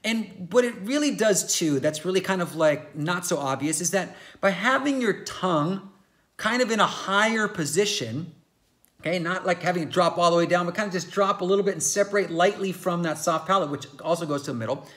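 A man's voice: high voice, brisk, fairly bright tone. Man teaching singing, chatty and encouraging. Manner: explains step by step, checking in with "all right?"; demonstrates by singing show tunes. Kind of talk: singing lesson.

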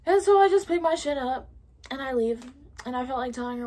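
A woman's voice: sits high, quick pace, darkish tone, husky. A woman in her late teens from California telling a casual, profane storytime, full of fillers and whispered asides. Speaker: vlogger. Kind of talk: storytime vlog.

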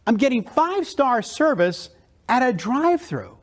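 A man's voice: very high-pitched, very animated, normal speed. A middle-aged man giving a motivational keynote speech, telling stories with dynamic enthusiasm and playful quoted voices.

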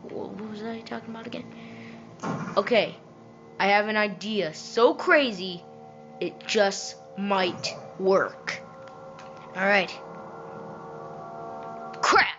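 A woman gaming and talking to herself, excitable and breaking into loud outbursts, recorded with dull, lo-fi audio. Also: mid-range voice, slow pace, long pauses, soft background music. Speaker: gamer. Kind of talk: let's play commentary.

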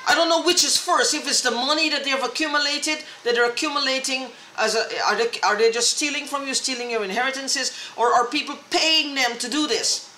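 High bright ranting woman, echoey room. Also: brisk, slight background noise. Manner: angry, profane, repetitive ranting. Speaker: vlogger. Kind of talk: agitated monologue to camera.

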